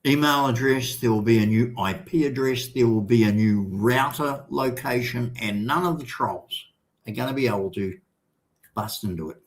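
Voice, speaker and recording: An older Australian man hosting a livestream, chatting casually and reading out viewer comments in a rambling, halting way with many restarts. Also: mid-range voice. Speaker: livestream host.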